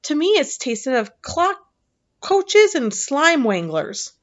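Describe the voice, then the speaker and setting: A big, gentle old giant from a storybook, booming out his tangled grammar in slow, drawn-out words, as a woman reads him aloud. The voice sits fairly high for a giant, and the recording sounds dull and lo-fi. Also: big pitch swings, full character voice. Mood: gleefully gross. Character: huge kindly old male giant, muddled speech.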